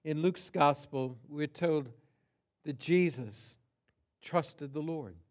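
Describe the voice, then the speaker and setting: A man preaching at a slow, measured pace in a fairly high voice. He leans hard on single words and swings from hushed to loud, as a pastor does in a sermon. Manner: deliberate, stresses single words.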